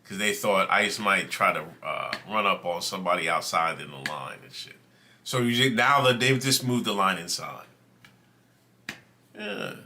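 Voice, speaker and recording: Sharp-voiced man telling a story on stream. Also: fairly low pitch, slight background noise. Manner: loose, profane, conversational storytelling. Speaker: livestream host. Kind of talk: casual storytelling to stream chat.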